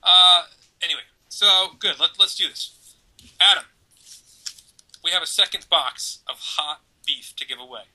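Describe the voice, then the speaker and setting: A man's voice: high-pitched, a little slow, long pauses, bright, forceful tone, rough recording. A man co-hosting a parenting podcast, rambling and joking with many fillers as he hands out giveaways. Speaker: podcast co-host. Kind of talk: casual chat, giving away prizes.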